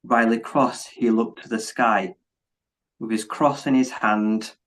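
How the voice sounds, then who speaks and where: British male co-host, slow deliberate delivery, comic verse. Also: mid-range voice, steady tone, a bit bright. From England. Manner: slow, halting, self-correcting. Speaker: podcast co-host. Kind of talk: reciting comic rhymes.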